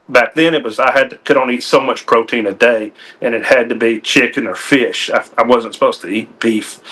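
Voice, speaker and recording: A man's voice: medium pitch, fairly bright tone. A man, a game warden telling a personal story in a TV interview, folksy and earnest with frequent restarts.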